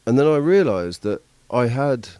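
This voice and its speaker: A man chatting casually as a podcast host, rambling and halting and swearing now and then. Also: medium pitch, very animated, dark tone, smooth, no echo. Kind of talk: casual chat.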